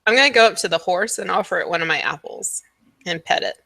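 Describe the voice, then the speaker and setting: A woman's voice: fairly low pitch, fast, creaky, sharp tone, dry recording. A woman player in a tabletop game, talking playfully. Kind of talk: tabletop role-play chat.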